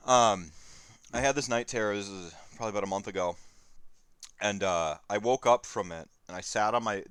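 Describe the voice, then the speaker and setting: A man in his thirties, a stream host, telling a candid personal story in a rambling, halting way with many fillers. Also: low-pitched, a bit bright, smooth, no echo.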